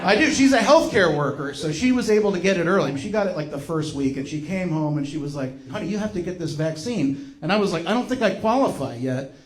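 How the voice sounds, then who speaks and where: A man's voice: on the high side, animated, quick pace, echoey room, a little hiss or hum, low-quality recording. A man doing a self-deprecating stand-up set. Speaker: stand-up comedian.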